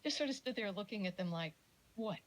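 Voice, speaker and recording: A woman's voice: mid-range voice, expressive, quick pace, low-quality recording. A woman giving a casual mini lecture, telling stories and acting out the voices she quotes. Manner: storytelling, acts out quoted voices.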